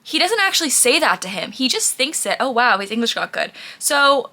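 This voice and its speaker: A woman talks fairly quickly in a high, pushed, bright voice with big pitch swings. She's out of breath in her casual vlog, gushing and rambling about what she watches and saying "like" over and over.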